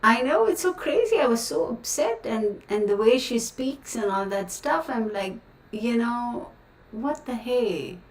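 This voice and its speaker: A woman's voice: a little high, animated, unhurried. A woman who reads tarot, chatting casually on a livestream, and she rants outspokenly and in exasperation, with many fillers. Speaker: tarot reader hosting a livestream. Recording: roomy sound from a distant mic.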